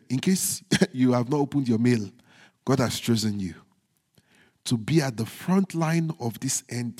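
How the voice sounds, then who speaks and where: With a husky voice, a male pastor gives a sermon, stressing phrases at a slow pace and lowering into soft, teasing asides for the congregation. A long hall reverb colors the audio.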